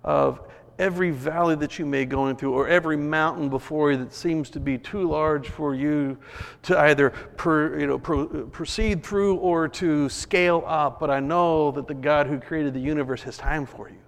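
A man's voice: fairly high pitch, normal speed, gravelly. Man preaching in an echoing hall. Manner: animated storytelling, acting out voices. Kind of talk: sermon. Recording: long reverb of a large hall.

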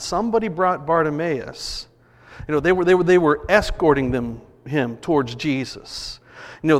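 A man preaching a sermon, telling a story in an animated way and acting out the voices of people in it. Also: on the high side. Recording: long reverb of a large hall.

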